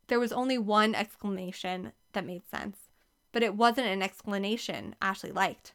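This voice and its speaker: A woman reading a children's novel aloud as narrator, expressive and clear. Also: medium pitch, moderate pace. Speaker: audiobook reader.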